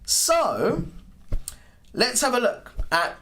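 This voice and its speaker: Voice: medium pitch, sing-song, extremely slow, pushed and bright. An English teacher giving a live online lesson, encouraging and greeting viewers by name as they read out example phrases.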